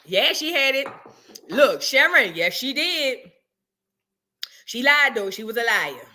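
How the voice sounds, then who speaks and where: Woman streamer chatting with viewers, aave, high bright voice, loud one sec then muttering. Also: takes it slowly. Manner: animated, chatty, swings between loud exclamations and muttered asides. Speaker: livestream reaction host. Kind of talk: casual livestream chat reading super chats.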